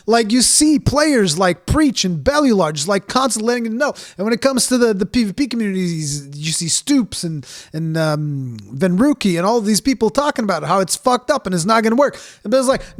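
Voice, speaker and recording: Man, high voice, sarcastic, exasperated, swearing reaction rant. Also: expressive, brisk, few pauses. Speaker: reaction streamer. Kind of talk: ranting reaction commentary.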